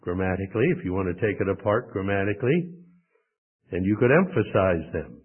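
A man's voice: sits low, expressive, a little fast, husky. A male preacher from the United States delivering an emphatic sermon with rhetorical questions. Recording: tinny phone-like sound.

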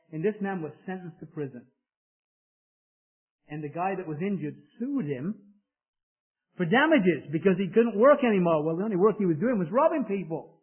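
A man from England preaching a sermon in an emphatic style, rising loud and dropping soft. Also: sits high. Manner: emphatic preaching with swells and drops in volume. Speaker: pastor. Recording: tinny phone-like sound.

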